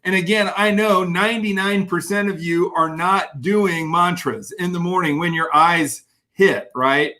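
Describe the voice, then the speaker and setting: In an unhurried, high voice, a man delivers a lively live-streamed motivational keynote. He reads viewers' comments aloud and welcomes each person by name.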